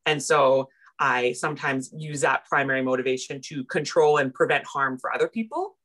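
A personal finance coach from Canada shares her own story during a casual interview. Lively and self-deprecating, she retells events quickly, and her pitch jumps sharply in the quoted bits.

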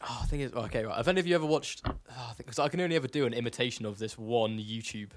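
A man's voice: mid-range voice, racing. A young British man co-hosting a casual podcast who talks hesitantly and often trails off. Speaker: podcast co-host. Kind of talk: casual chat.

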